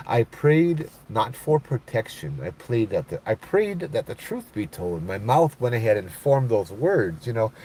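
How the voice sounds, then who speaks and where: A man with a very deep voice tells a ghost story in a loose, conversational way. He keeps checking in with the listener as he goes. A faint ambient hum sits behind him. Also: a little mellow. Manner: conversational, frequent "you know" and "right?". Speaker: storyteller, former mental health worker. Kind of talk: casual spoken ghost story.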